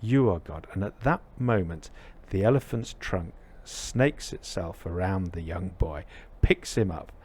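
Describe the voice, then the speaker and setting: A man giving a reflective dharma talk, telling a parable with many pauses and fillers. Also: low voice, lively intonation, darkish tone, slightly rough. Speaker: Buddhist teacher.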